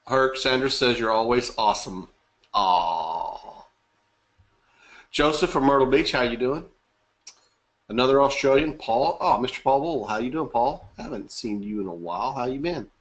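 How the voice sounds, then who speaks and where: A man's voice: medium pitch, lively intonation, normal speed. Upbeat man hosting a live webinar. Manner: upbeat, chatty, reading names aloud and joking. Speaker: webinar host. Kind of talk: live webinar greeting attendees.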